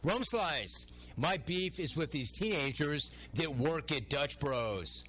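A man's voice: on the high side, expressive, slow, sharp tone, a little hiss or hum. A man hosting a talk radio show, ranting through stories and listener complaints and acting out the dialogue himself. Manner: ranting storyteller, acts out dialogue.

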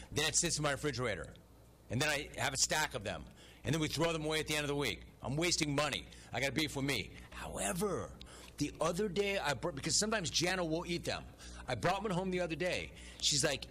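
A male talk radio host with a slightly high, bright, forceful voice. He rants through his own stories and listeners' complaints and plays every part in his anecdotes. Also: a little hiss or hum. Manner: ranting storyteller, acts out dialogue.

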